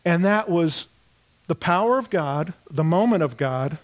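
Middle-aged guy pastor preaching, high voice, lively storytelling, does little voices. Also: measured pace. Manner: animated storytelling, acts out voices. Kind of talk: sermon.

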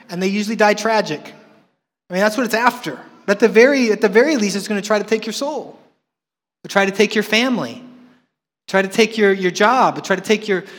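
A man's voice: high-pitched, fairly bright tone, in a large hall. A man in his forties preaching a sermon, telling a candid, self-deprecating story with frequent restarts. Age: 40s. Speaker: pastor.

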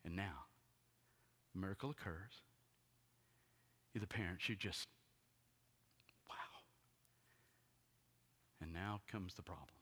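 A male pastor preaching a sermon dramatically, swinging between hushed whispers and loud exclamations. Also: sits low, takes it slowly, pauses often, slightly rough.

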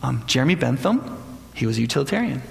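A man preaching a sermon in a lively, conversational way, often checking in with the listeners with rhetorical questions. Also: mid-range voice, quick pace, vocal fry, a little hiss or hum. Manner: animated, conversational, frequent rhetorical "right?". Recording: long hall reverb.

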